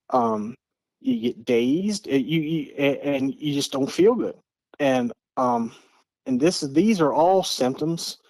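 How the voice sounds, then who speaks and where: A middle-aged man from Eastern Maryland, appearing as a podcast guest, tells a casual story earnestly and repetitively, often restarting his phrases. His voice is fairly high and a little mellow, with no room sound.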